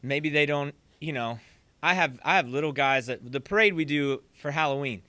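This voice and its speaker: A young man with a bright, clean voice that sits a little high for a man, chatting casually as a guest on a podcast. He talks with lots of energy and slips into little acted-out voices when he tells a story. The sound is dry and close. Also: moderate pace, smooth, dry recording. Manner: animated storyteller who acts out quotes. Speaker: guest, percussion teacher.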